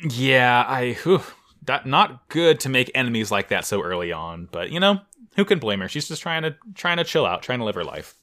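Animated, bright-voiced male podcast host. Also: moderate pace. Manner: animated, jokey, swings his pitch up high for emphasis. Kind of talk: casual chat recapping an anime episode.

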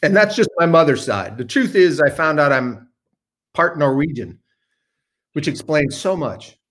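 Guy with a slightly high voice telling a funny story, loose and animated, swears a bit. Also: measured pace. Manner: animated, profane, self-deprecating raconteur. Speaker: guest storyteller. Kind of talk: casual storytelling chat.

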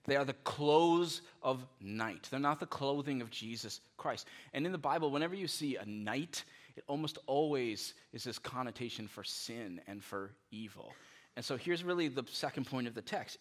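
A pastor with a mid-range voice delivers a sermon in an animated, conversational style, peppering it with rhetorical questions.

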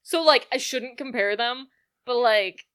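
Bright, lively woman recapping a film. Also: on the high side, clean tone. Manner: animated, acts out characters in quick voices, swears freely. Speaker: podcast co-host. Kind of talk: casual comedic film recap chat.

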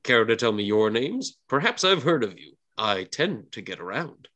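Man voicing a roguish minstrel, boastful, theatrical, quick to take offense, tabletop game. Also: medium pitch, sing-song, pushed and bright. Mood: sly.

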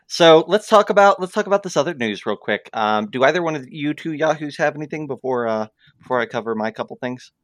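A man's voice: on the high side, lively intonation, fairly quick, fairly bright tone, no room sound. A man hosting a casual tabletop-gaming podcast, upbeat and easygoing as he runs the show. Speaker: podcast host.

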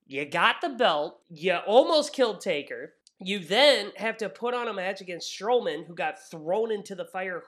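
Opinionated man co-hosting a podcast. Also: sits high. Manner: animated, opinionated ranting. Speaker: podcast co-host. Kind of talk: casual wrestling review chat.

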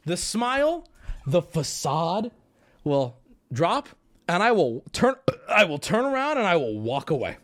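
A man hosting a livestream, telling a story to chat in a casual, animated way, swearing and breaking into yelling. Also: high voice, a little slow. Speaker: livestream host.

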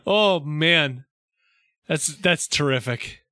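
A man co-hosting a casual show recap, animated and teasing, laughing easily. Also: on the high side, slow pace, clear, resonant tone, no room sound, clean studio sound. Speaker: podcast co-host. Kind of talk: casual episode recap chat.

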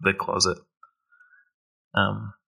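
A man playing a character in a tabletop role-play podcast, relaxed, with halting restarts. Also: lowish voice, gravelly, husky. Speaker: player and podcast co-host.

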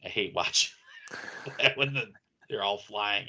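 A man co-hosting a casual movie chat, rambling and animated, laughing at his own jokes. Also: on the low side, a little slow. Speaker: podcast co-host.

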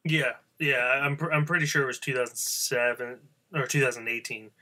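A man's voice: medium pitch, fairly quick, bright, forceful tone. A man with a Southeastern Pennsylvania accent co-hosting a podcast, chatting casually with many fillers and restarts. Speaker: podcast co-host. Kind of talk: casual chat.

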